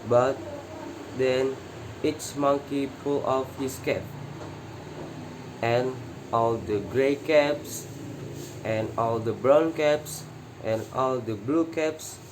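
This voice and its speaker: A male student reads a children's story aloud in a halting, careful way, stopping to correct himself. His pace is very slow. A steady air-conditioner hum sits behind the voice. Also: medium pitch, poor audio. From Indonesia.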